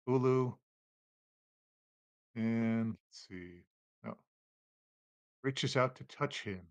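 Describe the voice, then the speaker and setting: A man with a fairly low voice runs a tabletop game as its game master. He narrates in a relaxed way and laughs easily. The recording is dry and close. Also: dry recording.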